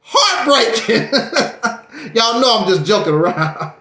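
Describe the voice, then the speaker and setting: A man's voice: extremely high pitch, big pitch swings, slow, bright, forceful tone. A man giving a casual livestream monologue, preachy and joking with a dramatic streak. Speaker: YouTube streamer. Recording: echoey room.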